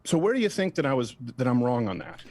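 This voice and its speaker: A man's voice: medium pitch, sing-song, fast, a little mellow. A man hosting a debate show, talking in a brash way that turns mocking and theatrical. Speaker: show host.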